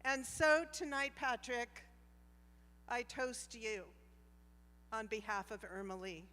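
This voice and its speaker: A woman giving a heartfelt tribute speech at a gala, slow and deliberate, on a handheld mic. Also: on the high side, steady tone, background noise. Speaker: former staff member giving a tribute. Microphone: handheld microphone. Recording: reverberant hall from a distance.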